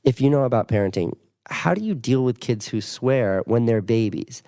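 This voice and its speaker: A man's voice: medium pitch, lively intonation, normal speed, dark tone. A man in his thirties co-hosting a casual podcast chat with his wife, telling rambling, self-mocking stories. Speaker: podcast co-host.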